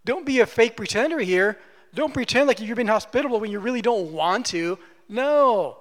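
A man's voice: very high voice, expressive, normal speed. A man preaching a conversational sermon as pastor, emphatic and repeating phrases for stress. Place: church. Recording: long church-hall reverb.

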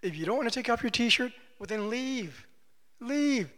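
Man doing a stern mall security guard, curt orders, high voice, long reverb. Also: animated, moderate pace, sharp tone, heavily acted.

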